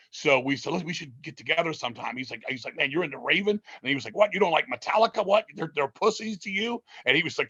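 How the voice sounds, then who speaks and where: A man's voice: medium pitch, husky, dry recording, lo-fi sound. A man telling rambling, profane stories about starting a metal band in a casual interview. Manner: profane, rambling, animated storytelling.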